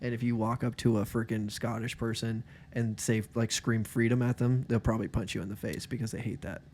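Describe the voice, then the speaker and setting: A man's voice: medium pitch, flat delivery, fairly quick, darkish tone, slight background noise. A man co-hosting a podcast in laid-back, joking casual chat. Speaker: podcast co-host.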